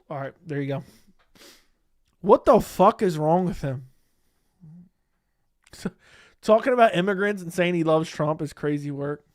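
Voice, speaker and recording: Profane indignant livestream host. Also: male voice, on the high side, animated, takes it slowly, pauses often. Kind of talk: casual livestream commentary.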